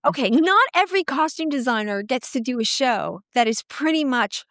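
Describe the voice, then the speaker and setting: A woman's voice: high-pitched, lively intonation, normal speed, a bit bright, dry recording. A middle-aged woman hosting a chat show, telling profane, bawdy stories and laughing often. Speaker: podcast host. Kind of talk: casual chat.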